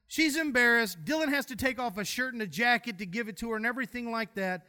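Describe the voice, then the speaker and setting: A man's voice: very high-pitched, quick pace, pushed and bright. A man preaching a sermon in a church, folksy and humorous as he tells stories. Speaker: pastor.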